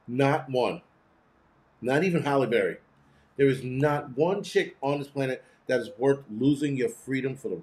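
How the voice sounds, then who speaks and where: A man's voice: medium pitch, a little mellow. Blunt, profane New man ranting. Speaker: host. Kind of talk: casual livestream commentary.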